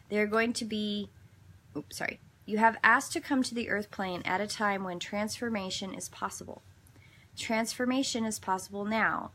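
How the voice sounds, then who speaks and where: A woman with a medium-pitched, fairly bright voice hosts a daily devotional. She reads a passage, then reflects on it earnestly and in a meandering way, correcting herself now and then.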